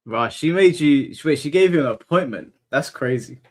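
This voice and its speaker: A man's voice: a little high, moderate pace. A young British man hosting a casual chat, telling stories and acting out quotes. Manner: lively storyteller, acts out quotes. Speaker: host.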